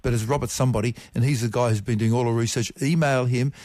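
A man's voice: medium pitch, steady tone, fast, darkish tone, dry recording. Man, playful radio science talk, spells words out, dry studio sound. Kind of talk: casual radio science chat. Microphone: studio microphone.

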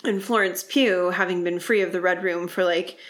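Chatty woman with a lowish voice. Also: steady tone, normal speed. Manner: chatty, peppered with "like", critical. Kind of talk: casual movie discussion chat.

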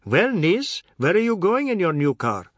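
A man's voice: high voice, big pitch swings, normal speed, no echo, studio quality, voice pushed up. A man voicing a petulant older uncle who scoffs at everything. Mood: scoffing.

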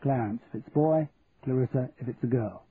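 A man's voice: mid-range voice, a little fast, slightly rough, natural voice. A man voicing a witty, upper-class English lady who teases her guests in a posh drawl. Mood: teasing. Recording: tinny, phone-like audio, faint hiss.

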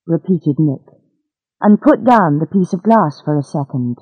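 Woman narrator for a learner audiobook; very slow, careful diction, dry and dull recording. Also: low voice, lively intonation, no echo. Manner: slow careful clear reading. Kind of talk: graded-reader audiobook narration.

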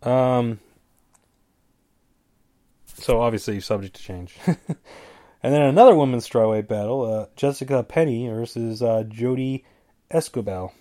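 This medium-pitched man has a warm tone and an unhurried delivery with long pauses. Stuffy-nosed, he hosts a casual solo show giving fight picks, rambling with jokey asides and stumbling over names.

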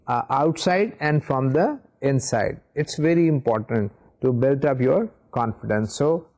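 A man giving a recorded university lecture while seated, explaining in a measured way with frequent pauses. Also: a little high, a little mellow. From Pakistan. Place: seated in a studio.

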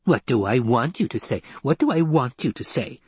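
A man's voice: mid-range voice, animated, moderate pace, darkish tone, breathy edge, no room sound, pitched above the performer's own voice. A man reading an audiobook, voicing a stern, snappish old woman who leads a scheming sisterhood. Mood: cold, scolding. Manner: snappish, sneering, demanding.

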